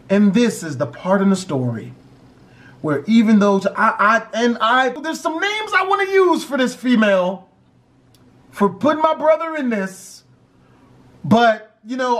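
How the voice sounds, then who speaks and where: Male vlogger, storytelling; profanity-heavy, emphatic, with a very animated voice. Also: extremely high pitch. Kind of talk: story time vlog.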